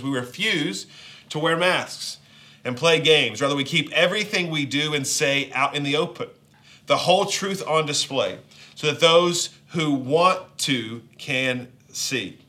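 A pastor with a Southern accent delivers a sermon in a loose, conversational style, slipping in jokes and asides. His voice is bright and forceful, and he sits at a middle pitch for a man. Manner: conversational and joking, with playful asides.

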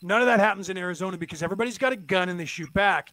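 A fast-talking man with a notably high, bright-pitched voice holds court in a loose, casual podcast conversation. He tells long stories with energy, jumping into the voices of the people he quotes. His speech rushes forward, rarely pausing. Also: slight background noise. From California. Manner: animated storyteller who acts out quotes. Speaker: podcast co-host. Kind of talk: casual stoned chat.

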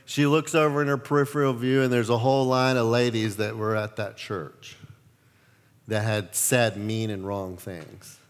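A male pastor preaching a sermon, telling stories with lively acted-out quotes. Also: mid-range voice, normal speed, in a large hall. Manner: animated storytelling, acts out quotes.

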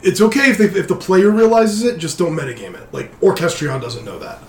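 A man's voice: high-pitched, big pitch swings, a little fast, darkish tone, a little hiss or hum. A man narrating as game master, setting scenes loosely with frequent fillers. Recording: roomy echo.

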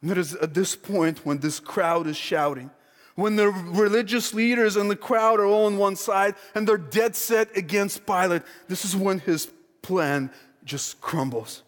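A man preaching a sermon, emphatic and animated, acting out the voices in the story he retells. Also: high voice, measured pace. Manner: emphatic, animated, acts out quoted crowd and Pilate. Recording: long hall reverb.

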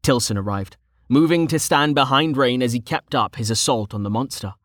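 A man narrating an audiobook in a steady, measured reading. His voice sits at an ordinary middle pitch. The recording is dry and close, with no room sound around it. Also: dry recording.

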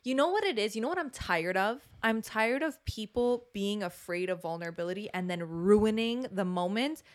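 A young woman co-hosting a casual chat podcast, blunt and animated, swearing freely as she tells stories. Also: medium pitch, normal speed. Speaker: podcast co-host.

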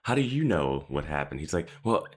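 A man with a very deep voice and a lively, bouncing pitch chats on a podcast about a TV episode. His commentary is enthusiastic, and he laughs often. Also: a little fast, breathy edge. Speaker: podcast co-host. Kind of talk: casual chat about a TV episode.

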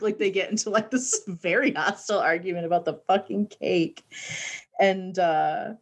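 A woman's voice: fairly low pitch, normal speed. A woman in casual chat, recapping a movie, laughing and quoting the characters.

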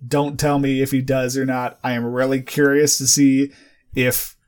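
A man's voice: medium pitch, flat delivery, normal speed, darkish tone, clean tone. A man chatting casually on a gaming podcast, laughing often and rambling through his thoughts. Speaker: podcast co-host. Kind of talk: casual chat.

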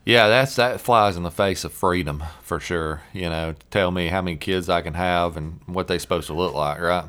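A man with a Southern US accent co-hosting a podcast in relaxed, folksy casual chat. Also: deep voice, moderate pace, clean tone. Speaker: podcast co-host.

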